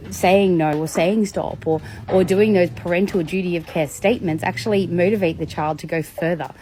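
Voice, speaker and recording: A woman giving a casual educational talk about children, lively and storytelling, acting out examples. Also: a little hiss or hum. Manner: animated, acts out examples with big pitch jumps and laughs. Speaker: educator on demand avoidance in children.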